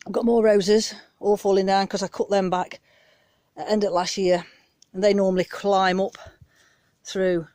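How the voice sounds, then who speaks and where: A British gardening vlogger chats casually in her outdoor back garden, filming herself on a handheld phone. Her medium-pitched voice has a darkish tone and a dry recording, and she talks in a rambling, down-to-earth way.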